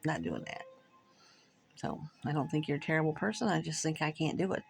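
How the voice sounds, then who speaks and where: Gravelly-voiced middle-aged vlogger just rambling over coffee, blunt and cussing, laughs a lot. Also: medium pitch, quick pace, slight background noise. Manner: blunt, profane, frank; rambling, chatty, laughs between thoughts. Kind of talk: casual talk to camera over coffee.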